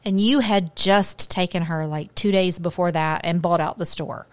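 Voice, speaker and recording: A woman's voice: fairly low pitch, normal speed, dry recording, clean studio sound. A middle-aged woman co-hosting a casual chat, teasing and telling wry stories. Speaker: podcast co-host.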